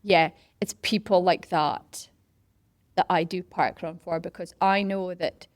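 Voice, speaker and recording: Middle-aged woman, interview guest, chatty storyteller, mid pitch, dry close sound. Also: moderate pace, dry recording. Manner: animated, acts out quoted voices and whispers for effect. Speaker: interview guest, parkrun organiser. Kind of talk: casual storytelling.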